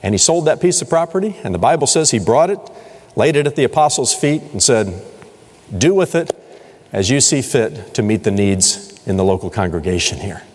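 A man's voice: medium pitch, sing-song, moderate pace. A middle-aged man preaching a sermon as pastor, emphatic and asking the congregation rhetorical questions. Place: church sanctuary. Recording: long hall reverb.

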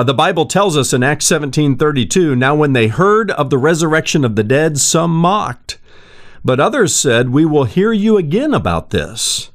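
A man preaching a sermon, asking listeners direct questions and slowing down on key phrases. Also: medium pitch. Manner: emphatic, slows down for key phrases.

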